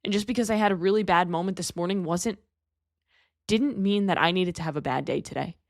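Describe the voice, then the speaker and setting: A woman's voice: on the low side, fairly quick, no echo, clean studio sound. A young adult woman hosting a podcast, giving a candid, earnest motivational monologue and swearing casually. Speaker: podcast host.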